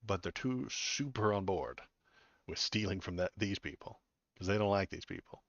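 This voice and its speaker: A man with a very low voice hosts a political livestream, reading headlines aloud and poking at them with sarcastic asides. He rambles and restarts his sentences often. The sound is dull and lo-fi, in a dry, dead room. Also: normal speed, gravelly, a bit bright, no room sound. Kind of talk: casual commentary reading news aloud.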